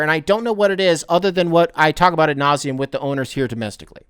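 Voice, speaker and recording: A man hosts a casual sports podcast, his voice sitting a little high and coming through smooth and clear. He rants with heat, swears freely and keeps circling back to restart his thoughts. The sound is dry and close, with no room around it. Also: very fast, few pauses, a bit bright, no echo. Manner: heated, profane, rambling with restarts. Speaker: podcast host.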